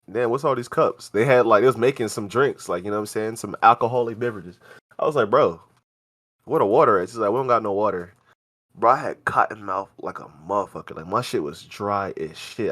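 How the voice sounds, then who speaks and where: A young man, a podcast co-host telling a casual, slang-heavy story and acting out what people said. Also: mid-range voice. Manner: animated, slangy, acts out quoted lines.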